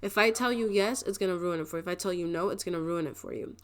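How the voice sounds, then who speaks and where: A woman's voice: lowish voice, quick pace, smooth. Rambling, emotional woman tarot reader. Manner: rambling, emotional, with frequent laughs and filler words. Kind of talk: casual spiritual card reading.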